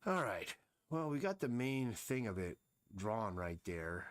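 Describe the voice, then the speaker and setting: Brief: low-pitched man, drawing on a live stream, slow and musing, talks to himself as he works. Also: sing-song. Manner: slow, thinking aloud, mumbling to himself. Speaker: comic artist streaming his drawing. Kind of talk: casual live-stream narration while drawing.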